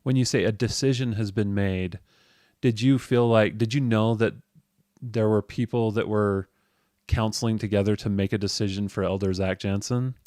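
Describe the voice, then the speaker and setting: Guy hosting a podcast, lowish voice, gentle and affirming, dry close sound. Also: fairly even intonation, normal speed, no echo. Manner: gentle, affirming follow-up questions. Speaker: podcast host. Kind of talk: interviewing a guest.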